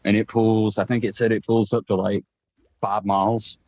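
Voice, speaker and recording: A man chatting casually as a co-host, relaxed and joking, with casual swearing. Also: fairly low pitch, moderate pace, dry recording. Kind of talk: casual chat. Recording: dull dry sound.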